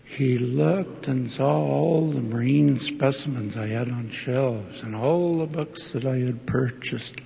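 An older man, a university professor, giving a devotional address and telling a personal story in a slow, earnest way with heartfelt exclamations. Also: mid-range voice, gravelly, warm tone. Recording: long reverb of a large hall.

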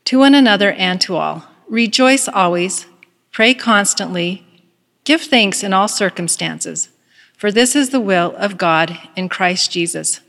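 A woman's voice: mid-range voice, lively intonation, a little slow, gravelly, fairly bright tone. Woman reading as a tired reluctant prisoner lady, grudging but prayerful, long echo.

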